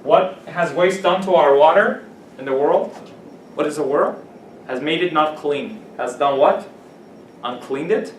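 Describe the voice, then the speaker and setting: A man teaches English vocabulary, explaining terms and repeating key words to check the class follows. His voice sits a little high. It is recorded from the back of an echoey classroom with a faint hiss. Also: unhurried, pauses often, distant mic. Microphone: camera at a distance.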